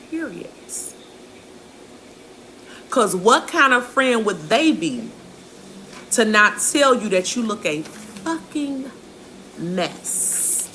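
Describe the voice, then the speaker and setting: Sassy, bright-voiced woman telling a story. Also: on the high side, a little hiss or hum, poor audio. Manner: sassy, profane, calls the listener honey. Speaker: vlogger. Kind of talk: casual storytelling rant.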